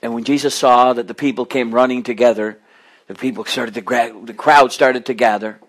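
A middle-aged man delivers a sermon in a mid-pitched voice, moving from quiet, confiding talk to impassioned, pleading cries. His delivery swells and falls with the message as he urges his listeners on. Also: fairly even intonation, brisk. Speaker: preacher.

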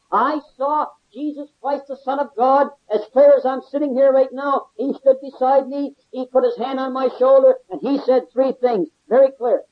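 A man, a former convict, giving a fervent religious testimony with emphatic, repetitive exclamations of praise. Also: very high voice. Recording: dull lo-fi tape recording.

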